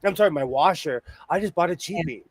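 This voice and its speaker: A man with a fairly high speaking voice hosts a loose, casual chat. He rambles from story to story and keeps cracking jokes. He sounds at ease, talking from his sewing room at home. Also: lively intonation, fast talker, breathy edge, no room sound. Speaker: host.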